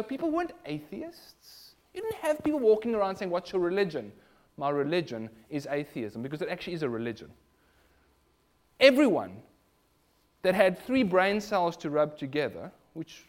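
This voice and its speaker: A man with a South African accent preaching a sermon in an animated, rhetorical way. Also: fairly high pitch. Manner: animated, rhetorical, mimics other voices in quotes.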